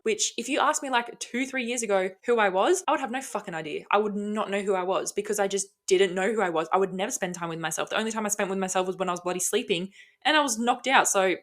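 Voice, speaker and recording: A woman hosting a casual solo podcast, rambling bluntly with frequent swearing and lots of enthusiasm. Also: medium pitch. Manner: enthusiastic and self-talking. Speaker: podcast host.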